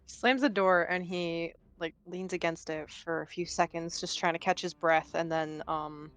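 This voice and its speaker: A woman playing a tabletop role-playing game, narrating her character's actions in a quiet, measured way. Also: on the low side, steady tone. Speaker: player.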